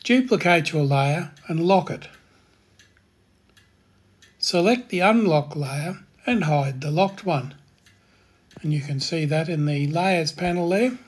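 Man tutorial host, slightly raised pitch, husky, calm step-by-step delivery. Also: takes it slowly, pauses often. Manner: calm, plain instructional delivery.

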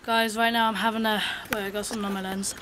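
A young woman chatting excitedly to her handheld camera while walking around outdoors, filling her talk with "like" and "guys". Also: mid-range voice, fast. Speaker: vlogger. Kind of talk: casual travel vlog. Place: outdoors on a hot hillside and beach. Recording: noisy outdoor camera audio with wind.

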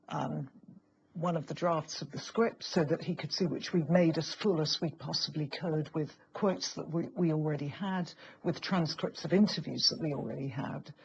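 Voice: mid-range voice, creaky. A former programme journalist answering interview questions in a reflective, hesitant way. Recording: slightly dull, faint background hiss.

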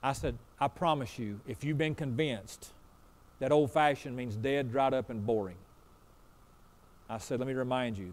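A man's voice: medium pitch, normal speed. A man preaching a sermon as pastor, telling a story in a folksy way and acting out both sides of a conversation. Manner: folksy, repeats "I said" and "he said".

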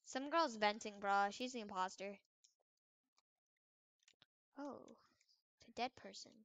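A young woman gamer gives casual, playful commentary while playing an online game, narrating the action and exclaiming often. Her voice is medium-pitched, slow and a bit bright.

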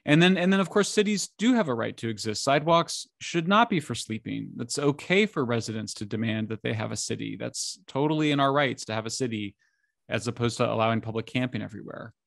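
A middle-aged man talking as an interview guest, animated and incredulous, speaking in bursts with frequent restarts. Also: mid-range voice, a little fast, vocal fry, dry recording, clean studio sound. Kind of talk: conversational interview.

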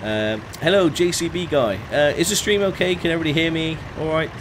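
With faint truck engine noise behind, a young man gives casual commentary as he streams a driving game, calling out viewers by name and walking through each step. His voice is a little high and fairly quick.

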